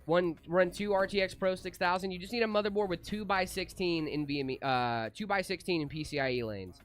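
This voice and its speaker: A man co-hosting a casual livestream, reading chat aloud and answering in a relaxed, easygoing way. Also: sits high, a little fast. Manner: laid-back, reads chat aloud, calls people dude. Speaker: livestream co-host.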